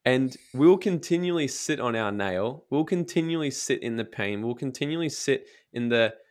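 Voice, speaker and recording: Brief: male motivational coach as a guest, energetic, blunt, drops swear words, acts out what people tell themselves. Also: mid-range voice, moderate pace. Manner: acts out inner voices in quotes. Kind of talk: casual podcast interview.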